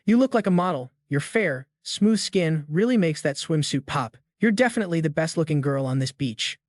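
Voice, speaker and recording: A cool, unbothered young guy, voiced by a man narrating a comic recap, hands out praise in a flat, matter-of-fact way. His voice sits a touch high for a man and sounds dry and close. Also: moderate pace, no echo, natural voice. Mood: calm. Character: calm, blunt young man who hands out compliments.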